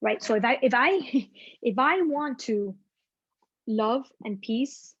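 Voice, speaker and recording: A woman guest speaker giving a casual, energetic motivational talk to a team over a video call, with plenty of slang. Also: a little high, slow, slightly rough, no echo, lo-fi sound.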